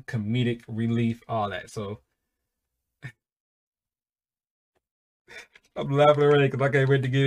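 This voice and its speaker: A man hosting a casual music reaction video, swearing freely and breaking into loud, high-pitched laughing excitement. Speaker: reaction channel host.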